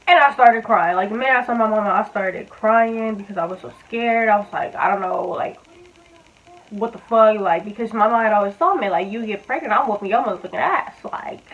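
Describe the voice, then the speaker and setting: A woman in her twenties casually telling a personal story, candid and blunt, full of fillers and swearing. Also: on the high side. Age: 20s. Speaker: vlogger. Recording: tinny, phone-like audio.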